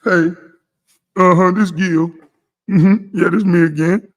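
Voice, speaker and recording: A man putting on a shrill, whimpering crybaby on the phone. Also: steady tone, slow. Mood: wheedling. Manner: high-pitched, pleading, sobbing. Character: whiny grown man crying on the phone.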